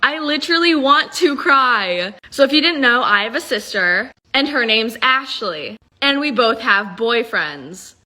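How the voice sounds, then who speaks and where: A woman tells a storytime with earnest drama in her delivery. Her voice is bright and sits a little high. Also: lively intonation, measured pace, hardly any pauses. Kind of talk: casual storytime.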